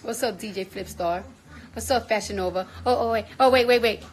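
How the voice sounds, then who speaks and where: A woman's voice: on the high side, fairly quick, poor audio. A woman chatting casually on a livestream, blunt and profane, cooing at her baby now and then. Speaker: livestream host.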